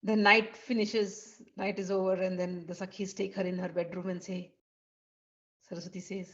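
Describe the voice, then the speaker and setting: A woman telling a devotional story in an animated way, acting out the characters. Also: mid-range voice, normal speed. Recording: dull lo-fi recording.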